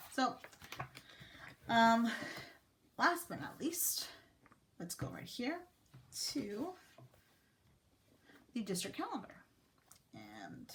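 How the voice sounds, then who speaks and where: A woman in her thirties talks through her teacher planners in a relaxed, slow vlog style, pausing often with fillers. She is gently sentimental and speaks at a middle pitch. A faint hiss sits under the recording. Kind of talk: casual show-and-tell vlog.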